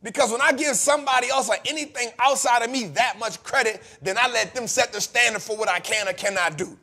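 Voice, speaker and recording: A man's voice: extremely high pitch, fairly quick, pushed and bright. A man hosting a podcast, giving a preachy, emphatic motivational finance talk full of repetition and casual street slang. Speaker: podcast host.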